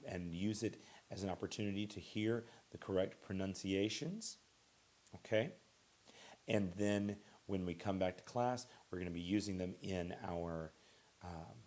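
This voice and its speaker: A man with a low voice teaching a recorded lesson, calm and easygoing. He says each new word twice and leans on the stressed syllable. He talks in a loose, conversational way with small fillers and restarts. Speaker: Russian language teacher. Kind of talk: recorded classroom vocabulary lesson.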